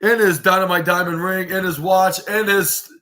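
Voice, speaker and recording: Man, podcast host, high voice, rambling casual recap, animated retelling. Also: normal speed. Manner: rambling play-by-play with many restarts and fillers; animated, acts out quoted lines. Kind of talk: casual wrestling episode recap.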